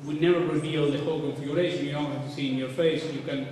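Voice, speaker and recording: Guy giving a loose, cheeky lecture, kinda high voice, big echoey hall, heard from far off. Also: steady tone, quick pace, a little mellow, slight background noise. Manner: casual, irreverent, occasionally swearing. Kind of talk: informal lecture.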